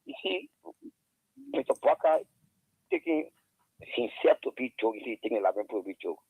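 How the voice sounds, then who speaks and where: A man calls in to a radio talk show, his gravelly, husky voice coming through a tinny phone line. He talks fast and heatedly, his pitch leaping around as he repeats words to drive his point home. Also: huge pitch swings, dry recording. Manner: fiery, repeats words, rising to shouts. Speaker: caller. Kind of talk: heated call-in commentary.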